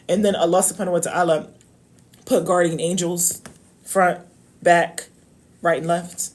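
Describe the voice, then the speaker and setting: A woman's voice: lowish voice, little pitch movement, unhurried, pauses often. A woman coaching on love, talking casually and emphatically to viewers on a live stream. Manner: emphatic, preachy, addresses viewers as y'all.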